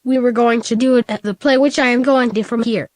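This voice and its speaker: An anxious young male hedgehog student speaks plainly and earnestly in a storybook reading, as a woman reads the part. The voice is a little high and the sound is dry and close. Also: fairly even intonation, brisk, no echo, lightly acted.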